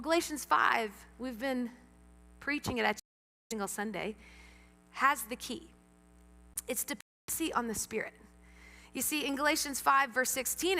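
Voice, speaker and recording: A woman's voice: sits high, bright, forceful tone. A middle-aged woman pastor giving a sermon in a church, telling stories with animation and acting out her own reactions. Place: church sanctuary. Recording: long hall reverb.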